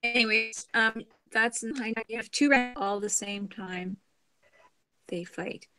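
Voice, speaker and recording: A middle-aged woman from Canada chatting casually on a craft livestream, meandering and trailing off into soft murmurs. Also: a little high, fairly even intonation, slow, no echo.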